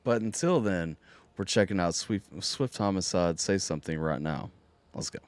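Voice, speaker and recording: A man hosting a live music reaction stream, hoarse and nearly voiceless, chatting casually with his viewers and reading out their messages. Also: deep voice, animated, normal speed, no echo. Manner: chatty, talks straight to viewers, reading out chat.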